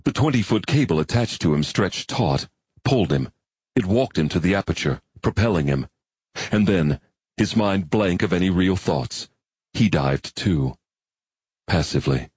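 A man narrating an audiobook in a measured storytelling manner. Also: low voice, expressive, a little mellow, breathy edge, no room sound. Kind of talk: scripted narration.

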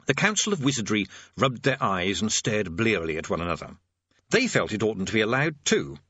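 A man narrating a story in a dry, wry manner, with a bright and lively voice. His tone carries a husky grain, and the recording is dry and slightly dull. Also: medium pitch, no room sound. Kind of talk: audiobook narration.

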